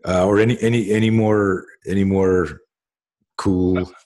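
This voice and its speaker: Unhurried and darkish in tone, this middle-aged host speaks low with little pitch movement. In a casual conversation, his rambling stories are full of fillers, restarts, and offhand swearing.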